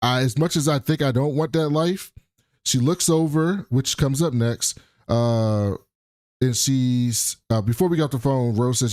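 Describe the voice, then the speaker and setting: A man's voice: medium pitch, unhurried, darkish tone, dry recording, clean studio sound. A young man co-hosting a casual recap chat, telling the story with energy and acting out the characters' lines. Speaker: podcast co-host.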